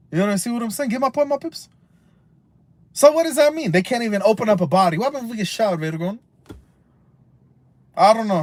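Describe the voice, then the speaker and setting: A man ranting on a livestream, rambling and cursing, dropping Spanish slang, swinging from loud outbursts to low mutters. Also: dry recording. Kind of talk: casual rambling livestream rant.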